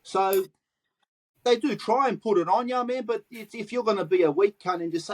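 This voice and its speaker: Poor audio captures a graffiti artist with a Western Sydney Australian accent, casually telling stories in an interview with plenty of profane street slang and acted-out dialogue. His voice is high, animated, and a bit bright with a breathy edge, delivered briskly.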